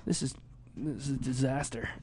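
A man's voice: medium pitch, moderate pace, a little hiss or hum. A man from a small town in Indiana with a Midwestern accent, hosting a casual podcast chat, joking and laughing often. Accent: Midwestern American. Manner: laughs often, self-mocking, lively joking banter. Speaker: podcast host. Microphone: studio mic on a spring arm.

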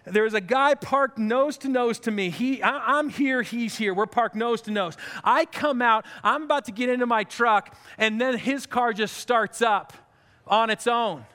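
High-voiced pastor preaching in a hall. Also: male voice, measured pace. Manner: animated storytelling with comic outbursts. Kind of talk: sermon. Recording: long reverb of a large hall.

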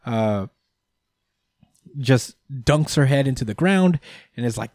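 Animated man recapping with swearing. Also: medium pitch, slow, no room sound, studio quality. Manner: animated, swears freely, laughs often. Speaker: host. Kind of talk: casual recap chat.

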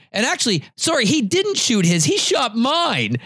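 A man hosting a podcast, telling stories in an animated way and jumping his voice up high when quoting others. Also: normal speed, breathy edge, dry recording, studio quality. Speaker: podcast host. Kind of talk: casual podcast chat.

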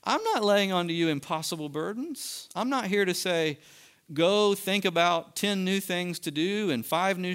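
A man preaches a passionate sermon, his fairly high voice driving up to emphatic peaks. His tone is smooth and resonant. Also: a bit bright. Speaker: pastor. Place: church sanctuary.

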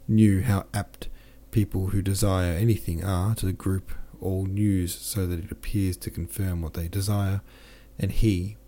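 A man reads a classic novel aloud for his podcast, in a deep, low voice with a mellow, soft tone. The delivery is plain and steady, broken now and then by casual self-corrections and offhand asides. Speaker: podcast host and audiobook reader.

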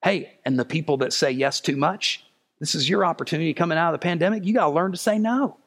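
A man preaching a sermon as pastor, earnest and pleading, rising louder and higher as he presses his points. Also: quick pace.

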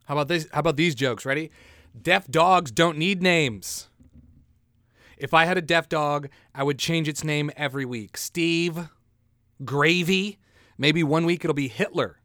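A man's voice: on the high side, moderate pace, a bit bright, no room sound, studio quality. A man hosting a casual solo podcast, rambling through crude jokes, mocking himself and laughing at his own bits. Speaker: podcast host.

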